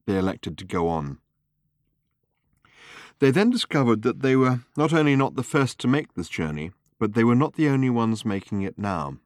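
Deep, dry male audiobook narrator, measured and wry. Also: no echo.

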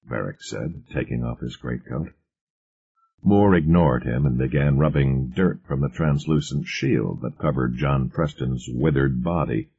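Very deep, husky male storyteller. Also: unhurried. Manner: steady storytelling. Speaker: audiobook narrator. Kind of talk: scripted narration. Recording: muffled lo-fi recording.

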